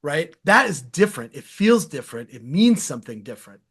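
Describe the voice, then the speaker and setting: A man guesting on an interview show, talking about sales in an energetic, candid and slangy way. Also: fairly high pitch, brisk, husky. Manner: energetic, animated storytelling with laughs. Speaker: sales podcast host as guest. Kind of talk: casual conversational interview.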